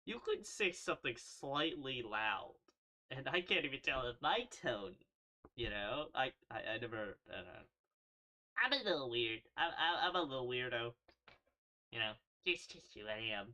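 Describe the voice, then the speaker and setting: A man's voice: mid-range voice, sing-song, moderate pace, pushed and bright. A young man casually commenting while playing a visual novel, goofy, rambling and self-mocking, swearing and laughing often. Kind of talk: casual let's-play commentary.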